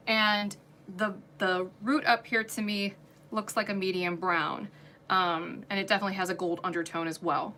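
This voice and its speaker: Chatty woman host reviewing wigs, bright ringing voice, lots of um's. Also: mid-range voice, slight background noise. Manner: chatty and giggly, many fillers. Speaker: wig reviewer and shop owner hosting a livestream. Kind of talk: casual livestream product chat.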